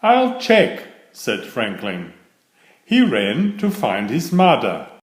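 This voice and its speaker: Slow, sing-song man reading a story. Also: on the low side, big pitch swings. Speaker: storybook reader. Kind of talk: children's story read-aloud. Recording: echoey room.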